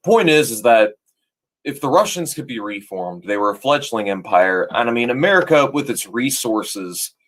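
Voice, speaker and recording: A man's voice: lowish voice, a bit bright. A man giving casual reaction commentary to a video, rambling and sometimes losing his train of thought.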